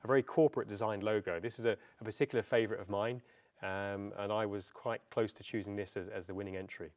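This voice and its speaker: A middle-aged man presents to a festival audience in a relaxed, anecdotal way, pausing often with ums and uhs. His voice sits a little low. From England. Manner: chatty, anecdotal, with frequent ums. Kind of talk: public talk. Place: festival venue before an audience.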